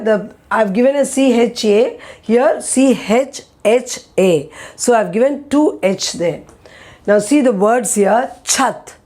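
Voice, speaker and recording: Slow, patient woman teacher. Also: on the high side, darkish tone. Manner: patient, repeats words slowly with frequent "okay?" checks. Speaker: Hindi teacher. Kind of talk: slow explanatory lesson.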